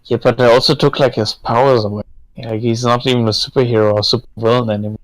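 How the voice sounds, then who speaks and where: A man speaking as a player in a tabletop game, with an ordinary mid-pitched voice. He laughs often and talks in a hesitant, halting way, recorded dry and close. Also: fairly even intonation, no echo, poor audio. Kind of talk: casual tabletop play.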